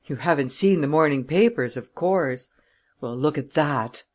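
In an audiobook reader's voice, a shaken junior lawyer speaks in urgent bursts. He is an emotional gentleman of the old school, pushing hard to defend a client. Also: medium pitch, expressive, a little slow. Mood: agitated. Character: agitated middle-aged male junior lawyer. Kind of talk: audiobook character reading.

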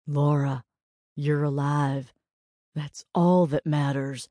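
Woman doing protective country man, firm, gruff, low voice, audiobook. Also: a little slow, no room sound. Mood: soothing firm. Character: protective rural man, gruff then gentle.

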